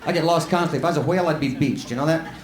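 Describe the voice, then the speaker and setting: Man, folksy stand-up comic, quick and a bit high, live club with loud laughs. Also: roomy sound, a crowd in the background, background noise. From Lubbock, Texas. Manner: folksy, rambling storytelling. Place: comedy club stage.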